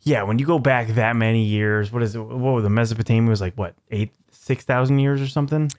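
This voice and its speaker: A man co-hosting a podcast in casual chat, relaxed with brief replies. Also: medium pitch, quick pace, no room sound, studio quality. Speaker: podcast co-host.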